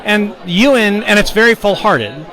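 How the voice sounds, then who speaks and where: A man's voice: high-pitched, expressive, pushed and bright, a faint crowd, rough recording. A man, the author of the novel, giving a thoughtful red carpet interview outdoors at a premiere. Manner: thoughtful, measured, listing qualities one after another.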